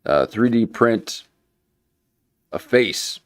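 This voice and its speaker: A man's voice: mid-range voice, expressive, extremely slow, smooth. A man hosting a livestream, rambling through loose, joking commentary with many restarts. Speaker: livestream host. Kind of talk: casual conspiracy commentary.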